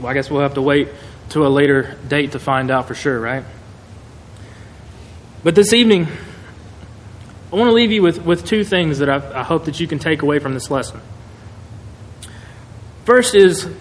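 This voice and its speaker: A man preaching a sermon in a conversational, animated way, acting out quotes. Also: on the high side. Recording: echoey hall, faint noise.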